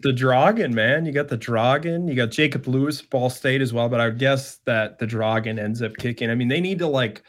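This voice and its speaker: A man's voice: mid-range voice, fairly quick, few pauses. A man talking sports as a podcast guest, conversational, with frequent "like" fillers. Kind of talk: casual sports analysis chat.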